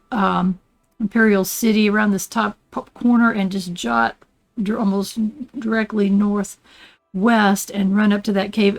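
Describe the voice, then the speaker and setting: A woman's voice: medium pitch, gravelly, rough recording. Retired lady talking thru her game, chatty and wandering off topic a lot. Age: older. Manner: chatty, rambling, easily sidetracked. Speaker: gaming channel host. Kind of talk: casual let's play commentary.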